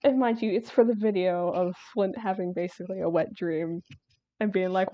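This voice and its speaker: A woman's voice: on the low side, fairly even intonation, moderate pace, warm tone, no room sound, muffled recording. A woman streaming while she draws, chatting casually in a rambling way, laughing and restarting her sentences. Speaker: artist streamer.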